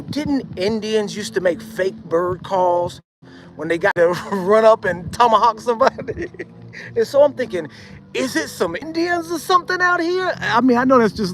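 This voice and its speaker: A man casually telling a personal story as a podcast host, in an animated way, now and then mimicking hooting bird calls. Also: poor audio. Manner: animated, imitates bird calls in a high hoot.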